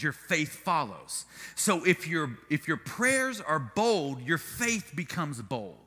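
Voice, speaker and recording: A man's voice: fairly high pitch, slow, hardly any pauses, long reverb tail. A male pastor preaching a sermon, telling stories with humor and energy. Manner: animated storytelling with humor.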